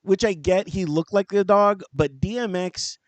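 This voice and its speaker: A man's voice: sits high, normal speed. A man co-hosting a podcast, chatting in a jokey way, laughing often and repeating "you know what I mean". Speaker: podcast co-host. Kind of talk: casual chat.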